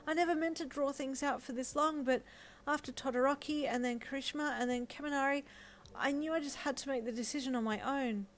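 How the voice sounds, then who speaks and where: A woman voicing a gentle young man who stammers and pleads earnestly in a fan fiction audio reading. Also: sits high, fairly even intonation, a little fast, voice pushed up, close to an everyday voice. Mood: pleading.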